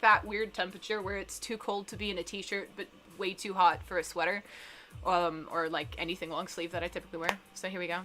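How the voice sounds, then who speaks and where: A woman's voice: medium pitch, bright, forceful tone. A young woman with a Southern US accent hosting a live stream, chatting casually and reading out chat messages in a rambling, self-deprecating way. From Southern United States.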